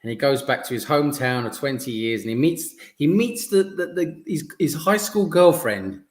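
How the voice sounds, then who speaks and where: A man hosts a casual podcast, talking enthusiastically and tripping over his words. His voice sits at a middle pitch. The recording carries a noticeable room echo. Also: lively intonation. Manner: enthusiastic, halting, repeats words. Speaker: podcast host. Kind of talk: casual chat. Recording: echoey room.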